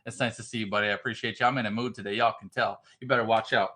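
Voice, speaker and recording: Middle-aged male business mentor, livestream host, bright and forceful, high-energy preacher-style pep talk. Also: steady tone, very fast. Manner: fired-up, shouts greetings to chat viewers, swings loud and quiet.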